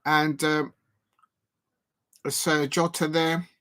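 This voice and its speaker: A man's voice: a little high, level tone, very slow, fairly bright tone, clear, resonant tone. A man hosting a live football watch-along, commenting in a rambling, hesitant way full of fillers.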